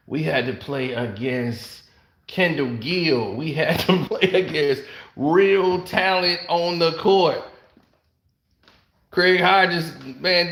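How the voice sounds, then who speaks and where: A man casually telling stories to camera, animated, laughing often and acting out other people's lines. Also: fairly high pitch. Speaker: host. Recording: roomy echo.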